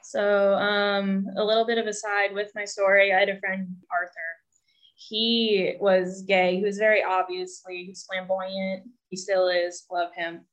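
A woman's voice: medium pitch, a bit bright. Young woman guest, candid and rambling with wry humor, medium voice, dull lo-fi audio. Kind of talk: personal storytelling. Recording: dull lo-fi sound.

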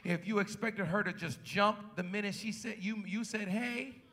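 A pastor preaching a sermon to his congregation. He calls out to the crowd and builds up into shouts. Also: high voice, steady tone, moderate pace. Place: church.

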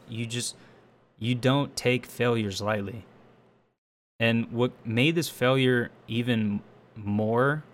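Lowish-voiced young man telling a tense story. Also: a bit bright. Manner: emotional, frequent restarts and "like" fillers. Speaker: firefighter trainee telling a story. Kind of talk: casual personal storytelling.

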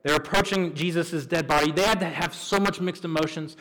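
A man's voice: a little high, fairly even intonation, brisk, fairly bright tone, rough recording. A man preaching an Easter sermon as pastor in a church, casual and chatty with lots of fillers and restarts. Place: church sanctuary.

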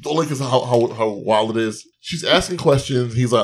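A man with an average-pitched voice in a laid-back podcast chat. He retells film scenes by slipping into the characters' lines. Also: fairly quick, breathy edge. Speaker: podcast co-host. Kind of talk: casual movie discussion.

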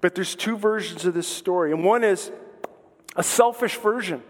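A man preaching a sermon as pastor, with impassioned, repetitive exhortations that build up and then soften into prayer. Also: high-pitched, normal speed, in a large hall.

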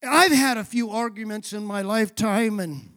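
Male pastor, very high pitch, impassioned sermon delivery with shouted climaxes. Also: normal speed. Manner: impassioned, shouting bursts, dramatic retelling.

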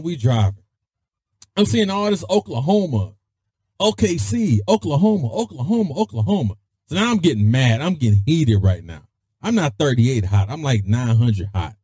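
A man hosting his own podcast, telling stories in a casual, animated way and peppering his speech with mild cuss-word substitutes. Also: no echo, studio quality. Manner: animated, swings his voice high for emphasis; peppers speech with "freaking" and "daggone". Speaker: podcast host. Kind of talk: casual storytelling.

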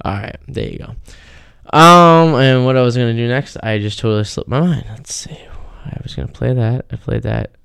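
A man's voice: medium pitch, moderate pace, gravelly, a bit bright, clear, resonant tone, no echo. A man hosting a comedy show, rambling through a monologue and talking straight to his listeners. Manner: rambling, loses his train of thought, addresses listeners. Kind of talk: stand-up style monologue.

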